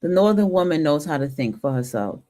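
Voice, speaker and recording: A woman's voice: low voice, expressive, brisk, dark tone. Blunt, profane woman ranting. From northern United States. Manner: blunt, profane and emphatic, with frequent restarts. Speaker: host of a talk stream. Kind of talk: opinion monologue.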